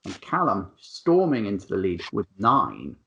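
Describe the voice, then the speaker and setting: A man's voice: fairly low pitch, wildly swooping pitch, a little slow, gravelly, pushed and bright, muffled recording. A man hosting a casual online quiz among friends, chatty as he reads out questions and scores. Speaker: quiz host.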